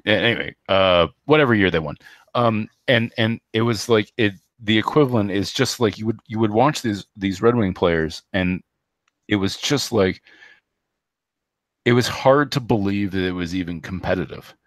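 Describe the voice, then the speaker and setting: A man co-hosting a casual hockey podcast, rambling with lots of fillers and restarts, and rattling off stats quickly. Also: lowish voice, dry recording. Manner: reads stats in a quick, flat run. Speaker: podcast co-host.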